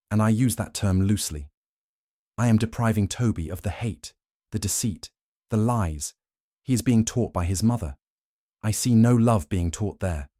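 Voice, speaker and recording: A man's voice: lowish voice, mellow, dry recording, studio quality. A man voicing a cold, cutting werewolf queen. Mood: stern. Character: fierce commanding young werewolf Luna woman.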